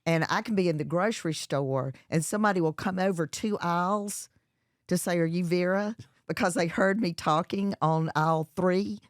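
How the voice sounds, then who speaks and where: A woman's voice: fairly low pitch, moderate pace, no room sound, clean studio sound. A middle-aged woman with a Southern US accent, a chef and entrepreneur talking as an interview guest, chatty with many fillers and restarts. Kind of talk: casual interview talk.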